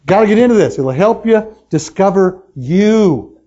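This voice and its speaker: A man speaking as a motivational speaker at a sales meeting, talking excitedly and pushing the crowd with questions in a live seminar talk. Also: high-pitched, unhurried, lo-fi sound. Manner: excitable, pushy, talks straight to the crowd with questions.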